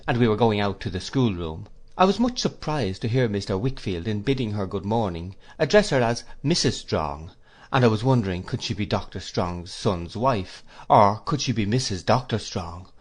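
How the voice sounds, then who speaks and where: Man, fairly low voice, measured storytelling, audiobook narration. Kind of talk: scripted narration.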